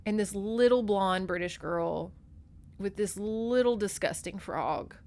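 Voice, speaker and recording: A woman's voice: mid-range voice, slow pace, darkish tone. A young adult woman hosting a podcast, recapping a novel in a chatty, gushing way, swearing freely, close on a microphone. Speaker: podcast host. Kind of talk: casual book recap.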